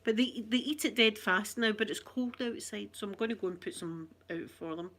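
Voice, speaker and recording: A Scottish woman chats to her viewers in a loose, rambling way, laughing as she goes. Her voice sits at an ordinary middle pitch. She is recorded on a phone. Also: moderate pace, fairly bright tone. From Scotland. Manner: chatty, rambling, laughs often. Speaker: channel host. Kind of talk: casual chat to viewers.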